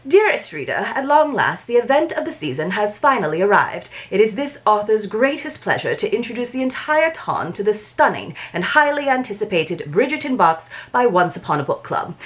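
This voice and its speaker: A woman voicing a genteel female society gossip columnist in an exaggerated, uneven put-on British accent, reading aloud with grand formality. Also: a little high. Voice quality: exaggerated, uneven mock-British accent drifting between class registers. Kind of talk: dramatic read-aloud of a newsletter.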